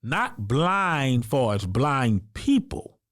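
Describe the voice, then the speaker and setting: A man's voice: mid-range voice, very animated, extremely slow, a bit bright, dry recording, clean studio sound. Earnest man telling a personal story. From United States. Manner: earnest, emphatic, conversational. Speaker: podcast guest.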